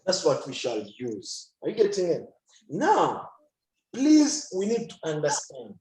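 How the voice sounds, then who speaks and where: A man's voice: on the high side, wildly swooping pitch, measured pace, darkish tone, roomy sound, low-quality recording. A man teaching a biology lesson in an online class, often asking a question and then answering it himself.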